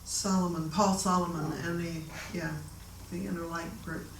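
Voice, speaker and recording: A woman telling a story from her own life in a casual, animated way, often laughing and acting out the voices of the people in it. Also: fairly low pitch, moderate pace, slight background noise. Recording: echoey room, voice a bit distant.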